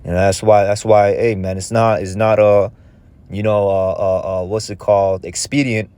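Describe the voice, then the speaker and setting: A man's voice: fairly low pitch, level tone, moderate pace, darkish tone, clear, resonant tone. A man giving a casual, conversational scripture lesson in a loose, repetitive way of talking. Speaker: religious teacher.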